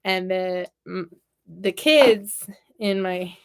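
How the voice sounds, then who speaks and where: A woman's voice: lowish voice, drawn-out words, clean tone. Chatty woman telling stories while crafting. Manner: chatty, playful storyteller; talks while working with her hands. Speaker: toy repair vlogger. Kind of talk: casual chat while crafting.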